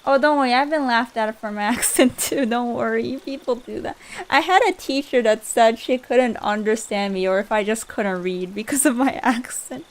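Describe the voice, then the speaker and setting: Young woman streamer, slightly high-pitched and giggly, casual late-night chat at a home desk mic. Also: moderate pace. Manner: giggly, laughs often between lines. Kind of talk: casual game livestream chat.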